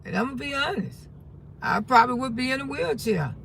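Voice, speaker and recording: Blunt gravelly older woman. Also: high voice, lively intonation, fairly quick, low-quality recording. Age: 60s. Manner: candid, blunt, folksy, swears freely. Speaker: livestream host. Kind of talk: casual livestream chat. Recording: loud traffic noise behind.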